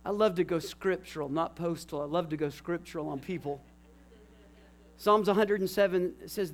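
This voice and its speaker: A middle-aged male pastor delivering an impassioned sermon, dropping to a hush and then building to shouts. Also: sits high, moderate pace. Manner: impassioned preaching, swings from hushed to shouting.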